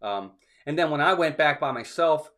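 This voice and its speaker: A man's voice: on the high side, lively intonation, normal speed, a bit bright. Chatty man retelling a coaster ride. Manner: chatty storytelling, acts out ride motions and quotes. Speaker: co-host of a theme park livestream. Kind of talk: casual chat.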